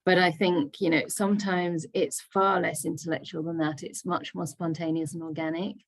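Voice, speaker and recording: A Buddhist nun leading a discussion group over a video call, answering questions in a thoughtful, laughing way. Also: female voice, lowish voice, little pitch movement, moderate pace, gravelly. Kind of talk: casual teaching discussion.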